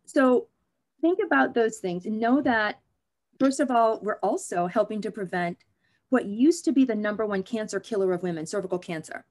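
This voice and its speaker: This OB/GYN, a woman on an interview program, gets candid and playful about her line of work, staying animated in the back-and-forth. Her voice is mid-range, her speed normal.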